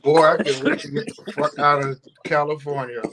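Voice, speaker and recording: High-voiced man telling profane, laughing stories. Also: fairly quick, a crowd in the background. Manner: profane, laughing often, animated quoting. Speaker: streamer. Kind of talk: casual storytelling chat.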